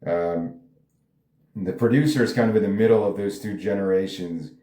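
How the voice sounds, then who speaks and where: Casual male writer reading his script; low, mellow voice, echoey room. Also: moderate pace. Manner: rambling, casual, swears. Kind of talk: table read with commentary. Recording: roomy echo.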